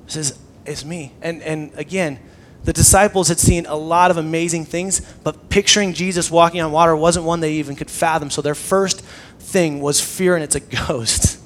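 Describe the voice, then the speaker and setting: Young male pastor, slightly high voice, casual sermon delivery that drops to near-whispers, faint hiss behind. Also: steady tone, normal speed, few pauses. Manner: conversational preaching, swings between loud emphasis and hushed tones.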